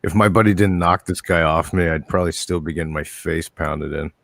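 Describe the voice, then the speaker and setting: A man's voice: low voice, brisk, creaky, fairly bright tone, no echo. A man in casual chat, telling a story in a laid-back way with plenty of swearing.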